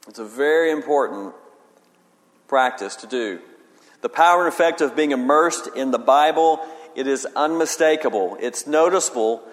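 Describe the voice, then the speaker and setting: A man preaching a sermon as a pastor, reading scripture slowly with emphasis and then explaining it in plain talk. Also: medium pitch. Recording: long hall reverb.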